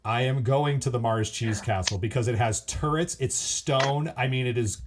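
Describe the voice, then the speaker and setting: A chatty man conducting a relaxed interview, drifting into long rambling stories. He restarts his sentences often and talks in an easy conversational way. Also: medium pitch, normal speed, background noise. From United States. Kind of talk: casual interview chat.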